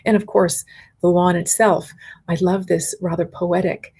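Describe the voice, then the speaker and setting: A middle-aged woman delivers a conference keynote in a lowish voice with plenty of gravelly fry. Her tone is a little husky. She speaks in an articulate, measured way and builds her points in lists. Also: fairly even intonation, darkish tone. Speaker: keynote speaker, university professor.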